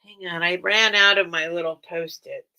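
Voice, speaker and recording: A woman's voice: fairly low pitch, fairly even intonation, normal speed, pushed and bright, clean tone, poor audio. A woman hosting a live online vintage sale, chatting casually and rambling as she reads comments and counts down bids. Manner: chatty, rambling, easily touched. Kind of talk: casual live-stream auction chat. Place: cluttered room at home.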